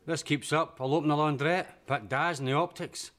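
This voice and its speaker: A man's voice: fairly high pitch, steady tone, fairly quick, a bit bright, natural voice. An actor playing a grudging, sardonic Glaswegian barman in a sitcom. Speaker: Norrie, a barman. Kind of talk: sitcom acting.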